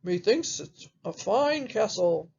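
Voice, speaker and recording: A woman's voice: medium pitch, animated, slow pace, vocal fry, darkish tone, breathy edge, highs cut off, heavily acted. A woman voicing a polite, grand male dragon in a picture-book read-aloud, speaking in a formal, old-fashioned way. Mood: courtly. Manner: formal, courtly, archaic speech.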